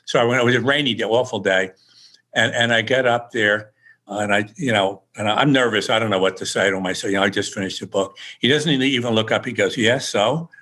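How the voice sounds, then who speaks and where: A man's voice: fairly low pitch, quick pace, pushed and bright. Older man telling rambling anecdotes. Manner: rambling, restarts often, chuckles through funny stories. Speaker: author guest. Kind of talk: casual anecdotal storytelling.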